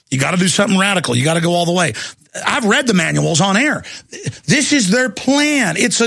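A man hosting a talk show, delivering a heated, ranting monologue with bursts of shouting. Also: sits high, vocal fry, husky, no echo.

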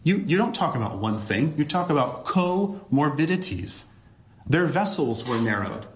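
A man's voice: on the high side, sing-song, normal speed, reverberant. A middle-aged man, a doctor giving an emphatic press briefing full of rhetorical questions.

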